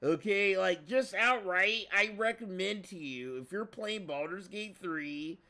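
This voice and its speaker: A man commenting on a gameplay video in casual, profane chat, excitable and swearing often. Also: high voice, a little slow. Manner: excitable, swears a lot, says bro often. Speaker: streamer reacting to a gameplay video.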